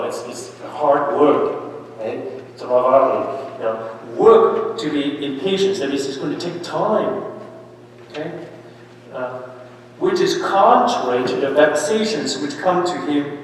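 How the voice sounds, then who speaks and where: A man's voice: medium pitch, a little hiss or hum. A man, a priest giving a parish mission, preaches in a conversational way, often checking in with his listeners with "right?" and "okay?", and rising sharply on the points he stresses. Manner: lively and emphatic, with sudden rises on key points. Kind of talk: conversational sermon. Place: church. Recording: echoey church hall, mic at a distance.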